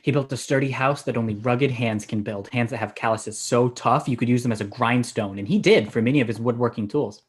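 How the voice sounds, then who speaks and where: A young actor playing a deadpan young man afraid of buildings, pedantic and rambling when he tells a story. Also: medium pitch, fairly quick, hardly any pauses, husky, lightly acted. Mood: storytelling. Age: young adult. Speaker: actor in a student comedy sketch. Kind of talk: stage comedy dialogue.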